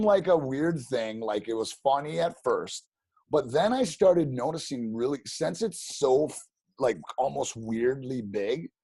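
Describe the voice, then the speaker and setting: A man telling stories as a podcast guest, animated and rambling, with many restarts. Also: on the high side, slightly rough, no echo. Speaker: podcast guest, real estate agent. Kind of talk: casual storytelling interview.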